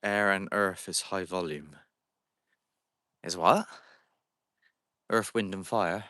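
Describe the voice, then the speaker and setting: A man's voice: sits low, takes it slowly, pauses often, sharp tone, dry recording, studio quality. A man hosting a paranormal livestream outdoors in a cemetery, chatting casually with viewers and calling out to spirits on a handheld phone. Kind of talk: casual live-stream chat.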